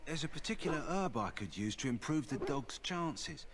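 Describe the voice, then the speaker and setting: An actor playing a kennel master in a fantasy video game, speaking calmly and practically with concern for a sick dog. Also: male voice, mid-range voice, moderate pace, crowd noise, lightly acted. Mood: explaining. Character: concerned male kennel master who cares for dogs.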